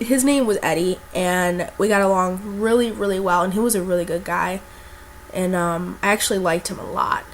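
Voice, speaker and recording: A woman's voice: medium pitch, slight background noise. A young woman vlogger telling a personal story in a casual, blunt way, with lots of fillers and swearing.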